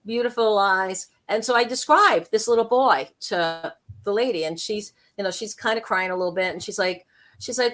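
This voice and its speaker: A woman guest on an interview show, telling a story in a lively, chatty way with quick asides. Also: medium pitch. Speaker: guest, intuitive life coach and medium.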